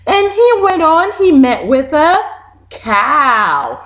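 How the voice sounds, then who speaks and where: A woman teacher, with Haitian Creole as her first language, reads a children's storybook aloud at a slow, careful pace. Her high voice rises and falls a great deal as she stops to quiz the young listeners. She sounds animated the whole way through. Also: lo-fi sound. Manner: animated, asks the children questions.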